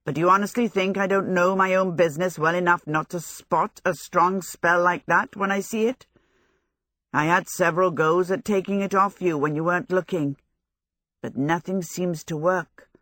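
A woman voicing a vain, glib young male wizard who talks quickly and breezily in a storybook reading. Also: lowish voice, fairly even intonation, a bit bright, no room sound, clean studio sound. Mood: breezy.

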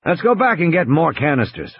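A man's voice: fairly high pitch, big pitch swings, brisk, slightly rough, pitched above the performer's own voice, exaggerated voice. A man reading an audiobook, voicing a blunt, curt, tough game warden in short clipped sentences. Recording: dry, slightly dull audiobook recording.

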